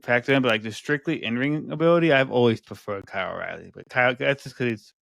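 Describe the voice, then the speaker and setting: A man's voice: medium pitch, fast talker, creaky, a bit bright, dry recording. A man co-hosting a podcast, chatting casually about wrestling and hedging his opinions with lots of "you know" and "like". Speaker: podcast co-host. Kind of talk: casual wrestling review chat.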